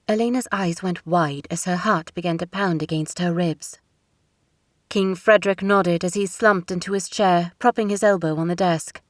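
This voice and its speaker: A woman narrating a romance audiobook in a steady, measured reading voice. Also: on the low side, no echo, studio quality.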